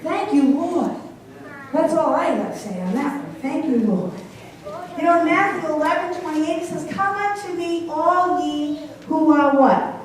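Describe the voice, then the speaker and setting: A woman preaches to her congregation, her high voice ringing through a very echoey sanctuary. She's recorded from some distance off, with faint background noise underneath, and she keeps pulling listeners in with questions and personal stories. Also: expressive, a little slow. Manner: storytelling, asks congregation questions. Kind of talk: sermon. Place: church sanctuary.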